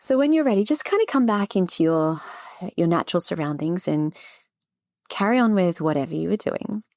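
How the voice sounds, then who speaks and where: A woman who teaches fertility yoga and hosts a podcast, talking listeners through a gentle breathing and relaxation practice in a calm, slow voice. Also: lowish voice, no echo, studio quality. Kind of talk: guided breathing and relaxation talk.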